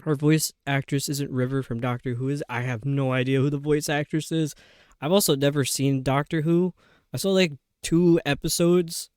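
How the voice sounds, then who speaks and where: A woman's voice: sits low, steady tone, moderate pace, a little mellow, smooth, dry recording, clean studio sound. A woman streamer chatting casually over a video game, rambling and poking fun at herself. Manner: chatty, rambling, self-mocking. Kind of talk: casual livestream commentary.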